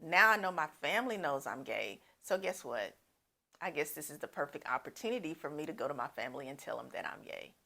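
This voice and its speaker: A woman's voice: deep voice, animated, a little fast, sharp tone, heavily acted. A woman voicing a young lesbian woman telling a man she is gay, speaking earnestly. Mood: frustrated.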